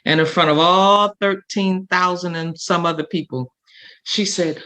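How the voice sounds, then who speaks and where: An older woman, a guest comedian, telling a story with feeling and acting out other people's words in lively voices. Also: lowish voice, measured pace. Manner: animated storyteller acting out quotes. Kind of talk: emotional storytelling.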